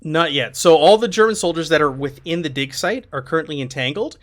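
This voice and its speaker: A man narrating and running a tabletop game as game master, talking in a relaxed way with many fillers. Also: fairly high pitch, fairly quick. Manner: relaxed, filler-heavy descriptions.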